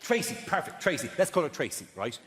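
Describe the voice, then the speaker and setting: A man's voice: fairly high pitch, big pitch swings, quick pace, fairly bright tone. A man doing live stand-up comedy, chatting with and teasing the crowd, often acting out voices. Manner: chatty, mocking, acts out voices. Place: large theatre stage. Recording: live theatre reverb, crowd noise. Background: audience laughter.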